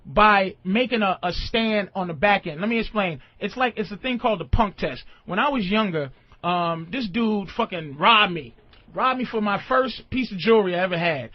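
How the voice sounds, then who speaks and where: A man hosting a radio call-in show, giving blunt, profane advice with animated storytelling, heard through a muffled radio broadcast. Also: very high voice, no echo. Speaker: radio host.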